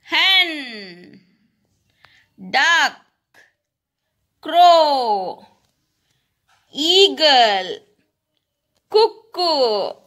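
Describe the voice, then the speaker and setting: A woman teaching preschool children, saying each word slowly and repeating it for them to echo. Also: sits high, big pitch swings, a bit bright. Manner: slow, sing-song, repeating words for children to echo. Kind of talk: recorded lesson for young children.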